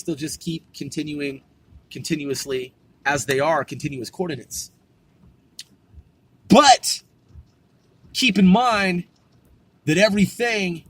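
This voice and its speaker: A man's voice: a little high, a bit bright. A man delivering a rambling, profane philosophical monologue, firing rhetorical questions at the listener and repeating himself. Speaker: vlogger.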